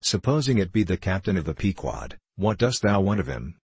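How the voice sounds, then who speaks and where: A man voicing a gruff, suspicious old Quaker whaling captain in an audiobook, speaking bluntly in old-fashioned thee-and-thou speech. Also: low-pitched, big pitch swings, brisk, darkish tone, no room sound, heavily acted. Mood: gruff, probing. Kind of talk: audiobook character reading.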